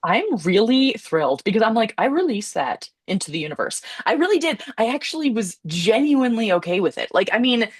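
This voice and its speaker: A woman's voice: fairly high pitch, sing-song, fairly quick, hardly any pauses, husky, dry recording. A young woman co-hosting a podcast, telling a rambling story in a chatty, giggly way. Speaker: podcast co-host. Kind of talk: casual chat.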